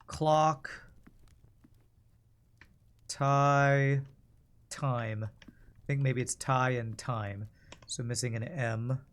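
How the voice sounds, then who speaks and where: A man's voice: mid-range voice, fairly even intonation, extremely slow, long pauses, fairly bright tone. Man thinking aloud while gaming. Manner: muttering to himself, thinking aloud. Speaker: streamer playing a puzzle game. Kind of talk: casual gameplay commentary.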